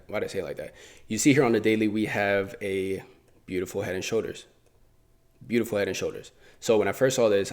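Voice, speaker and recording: A man with a fairly low voice talks through trading charts in a relaxed, conversational way. He thinks aloud, circles back and repeats phrases as he points things out. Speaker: forex trading YouTuber. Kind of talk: casual chart walkthrough.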